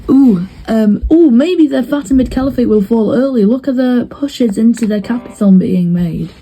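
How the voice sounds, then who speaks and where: A woman's voice: a little high, expressive, normal speed, warm tone, poor audio. A woman giving casual, rambling commentary on a game as she watches, hesitant and full of fillers and restarts. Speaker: video host commentating a map simulation.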